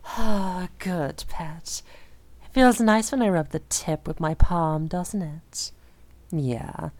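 A young woman voicing an obsessive, possessive dominant woman in an audio role-play, speaking in a soft, slow, teasing murmur. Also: on the low side, no room sound. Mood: possessive, crooning.

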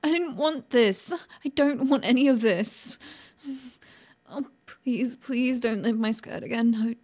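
A woman voicing a sharp-tongued young woman in an adult audio role-play, sarcastic at first, later stammering and pleading. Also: fairly high pitch, takes it slowly. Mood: frightened.

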